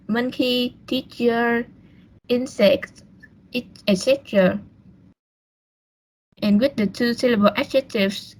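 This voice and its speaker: A woman's voice: medium pitch, poor audio. A young woman, presenting a class lesson on a video call, hesitant with fillers and restarts. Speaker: student presenter.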